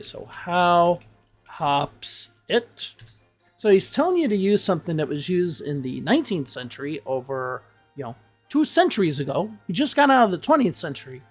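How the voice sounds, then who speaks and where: A woman's voice: on the low side, very animated, normal speed, darkish tone, slightly rough, soft background music. A woman English teacher giving casual reaction commentary, blunt and exasperated and swearing freely.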